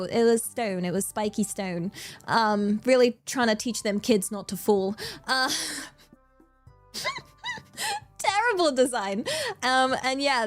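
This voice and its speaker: A woman livestreamer in casual chat, giggly and rambling, thanking viewers as she reads the chat. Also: mid-range voice. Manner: rambling, many fillers and restarts.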